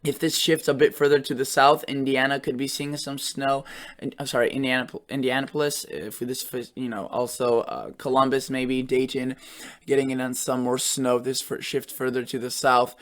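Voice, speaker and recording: Man, weather forecaster, casual map commentary, thinking aloud, self-correcting, mid-range pitch. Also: little pitch movement, normal speed, a bit bright. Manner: loose and thinking aloud, often correcting himself mid-sentence. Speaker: weather forecaster and channel host.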